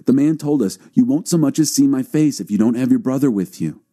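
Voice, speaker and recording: A man's voice: medium pitch, animated, brisk, dark tone, pitched above the performer's own voice, lightly acted. A man reading an earnest, urgent brother. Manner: urgent, pleading. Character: earnest grown brother taking responsibility.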